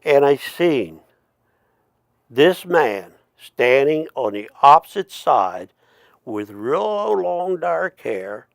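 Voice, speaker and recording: A middle-aged man tells a long personal story at a slow, unhurried pace. His voice has a gravelly, creaky texture and sounds dry and close. He rambles, stops to restart and wanders into asides. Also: mid-range voice, no room sound. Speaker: storyteller, Métis chief. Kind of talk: casual spoken storytelling.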